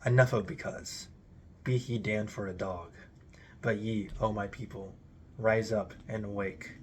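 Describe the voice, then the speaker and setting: A man's voice: on the low side, fairly even intonation, measured pace, a little mellow, slight background noise. A man giving a solemn, declamatory recitation of an archaic religious text in an intoned delivery. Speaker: reader.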